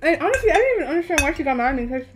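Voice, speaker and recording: A teenage girl co-hosting a podcast, telling an embarrassing story in animated casual chat, full of "like". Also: high voice, rapid-fire, over music. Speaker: podcast co-host.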